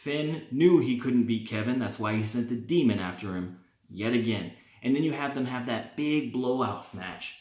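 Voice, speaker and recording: A man hosting a wrestling vlog, talking in an animated, opinionated way and laughing now and then. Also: medium pitch, normal speed. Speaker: wrestling vlogger. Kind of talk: casual fantasy-booking talk. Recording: roomy, echoey.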